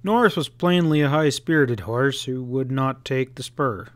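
A man narrating a Western novel as an audiobook in a measured, unhurried storytelling voice on a close mic. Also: mid-range voice, no echo.

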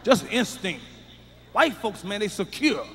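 A man doing profane stand-up on a big theater stage, high-pitched and bright-edged, with shouted punchlines and muttered asides. His voice rings out through a long concert hall reverb, with faint room noise under it. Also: sing-song, measured pace. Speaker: stand-up comedian. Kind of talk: stand-up comedy routine. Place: large theater stage with live audience.

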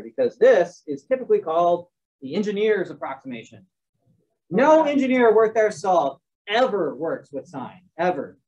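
A man's voice: fairly high pitch, darkish tone. A man teaching a math class in a casual lecture, rambling with joking asides and restarting himself as he works through sums. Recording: dull, distant classroom recording.

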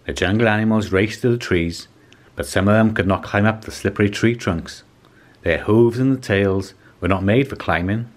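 A man reading a children's picture book aloud in a calm, measured storytelling manner. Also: lowish voice. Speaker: storybook reader.

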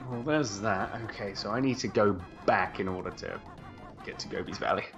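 British man, let's play co-host, bantering, hums while playing, lo-fi sound, soft game music. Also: on the low side, normal speed. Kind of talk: casual gaming commentary.

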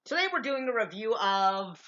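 A woman's voice: medium pitch, expressive, normal speed, bright, forceful tone. A woman hosting a home-made comedy film review, bossy and mock-grumpy. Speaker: film reviewer, show host. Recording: lo-fi home recording.

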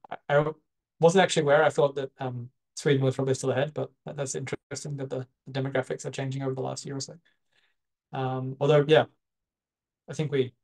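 A man presents his work over a video call, his gravelly voice staying flat and level. He talks hesitantly, pausing and restarting often with plenty of fillers. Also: mid-range voice, rough recording. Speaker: guest speaker. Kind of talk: online presentation.

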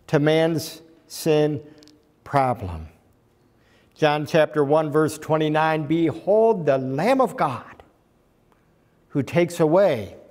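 A man's voice: fairly high pitch, darkish tone. A man preaching a sermon as pastor, earnest and building to emphatic climaxes. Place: church sanctuary. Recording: long reverb of a church hall.

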